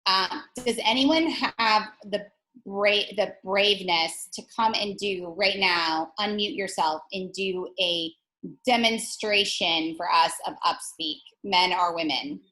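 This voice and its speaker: Woman instructor on a video call, direct and energetic, restarts a lot, echoey room sound. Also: medium pitch, slow. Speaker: presentation skills instructor. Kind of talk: online workshop teaching.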